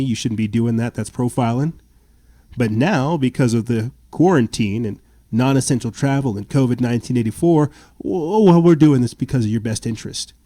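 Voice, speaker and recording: A man's voice: medium pitch, dark tone, dry recording. A man hosting a political commentary podcast, reading news reports aloud and adding sarcastic, indignant remarks with stammered restarts. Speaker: podcast host.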